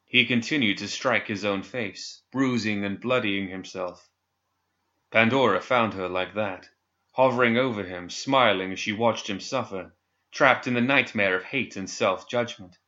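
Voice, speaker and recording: A man narrating a story in a measured, scripted audiobook style. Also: on the low side, bright, forceful tone. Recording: dull lo-fi recording.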